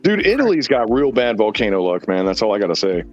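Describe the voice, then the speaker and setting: A man's voice: lowish voice, big pitch swings, quick pace, soft background music. A man hosting a podcast, telling rambling stories in a blunt, profane way. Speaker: podcast host. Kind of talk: casual chat. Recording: dull lo-fi sound.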